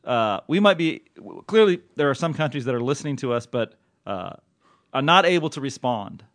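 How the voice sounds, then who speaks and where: Male podcast host, lively jokey delivery, dry close sound. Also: mid-range voice, moderate pace, no echo. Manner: animated, joking, reads letters aloud with flair. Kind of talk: casual podcast chat.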